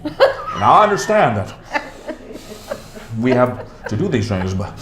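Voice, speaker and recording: A man's voice: mid-range voice, sing-song, takes it slowly, fairly bright tone. A man co-hosting a casual talk show, bantering animatedly and laughing. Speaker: co-host. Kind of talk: casual chat. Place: pub. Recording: echoey noisy pub.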